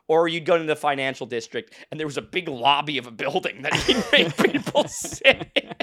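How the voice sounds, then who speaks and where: A man's voice: a little high, animated, moderate pace, bright, forceful tone. A young man co-hosting a podcast, telling a rambling story in casual chat, laughing often and restarting his sentences. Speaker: podcast co-host.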